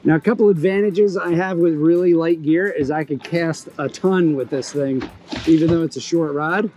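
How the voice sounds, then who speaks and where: A man with a notably high voice gives excited commentary out on the water. He keeps exclaiming and cheering, then breaks into instructive tips on fishing technique, all spoken from a small boat outdoors. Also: normal speed, dull audio, a little hiss or hum. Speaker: fishing video host.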